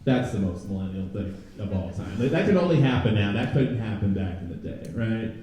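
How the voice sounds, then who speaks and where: Young man, stand-up comedy, crowd work, animated, heavy room echo. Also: on the low side, brisk. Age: young adult. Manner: animated, crowd work, jumps into loud mocking voices. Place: comedy club stage before a live audience. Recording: very echoey room, from a distance.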